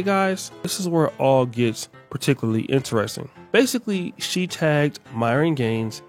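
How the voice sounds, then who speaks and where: Animated man doing reaction commentary. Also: medium pitch. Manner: animated, reads out posts, begs for sound effects. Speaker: online commentator.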